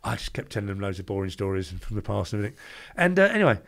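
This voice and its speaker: An older man with a London accent telling lively stories as an interview guest, acting out the voices of people he quotes and laughing at his own tales. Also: deep voice, very fast, creaky. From England. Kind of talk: anecdotal storytelling.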